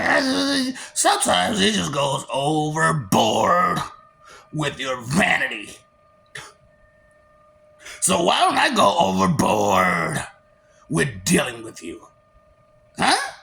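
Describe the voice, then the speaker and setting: Taunting woman with a gravelly voice. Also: low voice, sing-song, takes it slowly, long pauses, sharp tone. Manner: taunting, mocking, preachy. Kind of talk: confrontational monologue.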